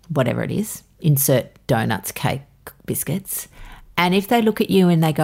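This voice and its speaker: A woman's voice: deep voice, very animated, normal speed, vocal fry, a little mellow. A middle-aged woman co-hosting a casual advice podcast, practical and assertive with playful asides. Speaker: podcast co-host.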